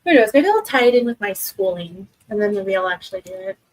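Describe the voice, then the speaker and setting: A young woman with a medium-pitched, very animated voice talks fast over low-quality audio. Hosting a livestream from her home desk, she chats casually with viewers and the live chat, rambling with lots of fillers and restarts.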